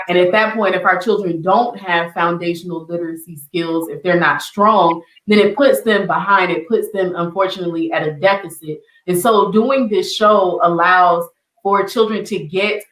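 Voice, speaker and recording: Casting: woman show host, measured and emphatic, echoey room, set back from the mic. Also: lowish voice, fairly bright tone, distant mic. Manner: measured, emphatic, speaks to viewers directly. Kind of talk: online talk show hosting.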